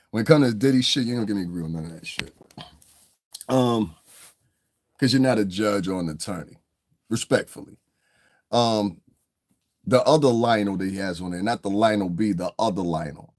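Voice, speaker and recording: A man's voice: on the low side, expressive, normal speed, long pauses. A man in a casual livestream rant, talking in a blunt, heated, profane way as the show's commentator.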